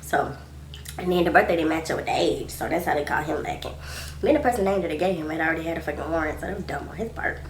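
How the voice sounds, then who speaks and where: A woman in her twenties telling a storytime vlog in a blunt, profane, animated way. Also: sits low, fast talker, slight background noise. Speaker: vlogger. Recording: echoey room.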